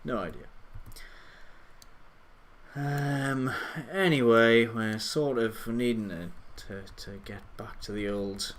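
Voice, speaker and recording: A man's voice: medium pitch, steady tone, takes it slowly, long pauses. A man chatting casually on a live stream, rambling and mocking himself, often trailing off.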